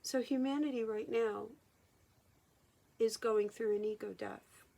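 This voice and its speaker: Slow, halting woman sharing feelings. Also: fairly high pitch, steady tone, gravelly, mellow. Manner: halting, reflective, with repeated restarts. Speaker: hypnotherapist and channeler. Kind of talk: personal vlog monologue.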